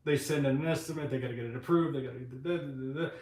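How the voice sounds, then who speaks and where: A man's voice: mid-range voice, quick pace, a little mellow. A man hosting a casual live stream from his private workshop, rambling and venting his frustrations with plenty of swearing while he works. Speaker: webcam channel host. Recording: echoey room, mic far off.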